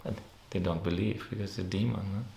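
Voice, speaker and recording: Gravelly low-voiced man giving a spiritual talk. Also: fairly even intonation, a little fast, mellow, roomy sound. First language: not English. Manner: simple, repetitive phrasing with Sanskrit verses. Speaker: spiritual teacher. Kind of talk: devotional discourse. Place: ashram hall.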